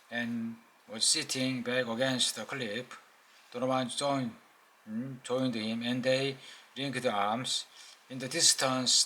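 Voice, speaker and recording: A man with a Korean accent reading a novel aloud, slow and halting with small slips. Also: mid-range voice, sharp tone, slight background noise, low-quality recording. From South Korea.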